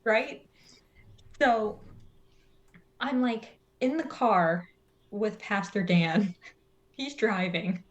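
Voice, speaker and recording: A woman's voice: medium pitch, drawn-out words, long pauses, lo-fi sound. A young woman co-hosting a podcast in casual chat, dry and teasing, chiming in to finish the stories and then telling one of her own. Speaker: podcast co-host.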